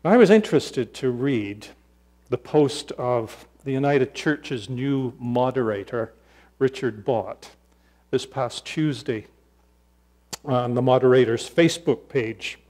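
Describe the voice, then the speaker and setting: A male pastor preaching a sermon, telling stories in an animated way and acting out voices. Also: mid-range voice, takes it slowly. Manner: storytelling, animated, acts out voices.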